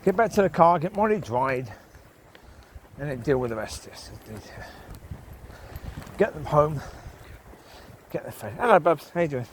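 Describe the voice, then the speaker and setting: A man's voice: on the high side, expressive, moderate pace, long pauses, slight background noise, rough recording. Chatty man walking his dogs outdoors. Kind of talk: casual talk while walking outdoors. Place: outdoors by water on a rural path.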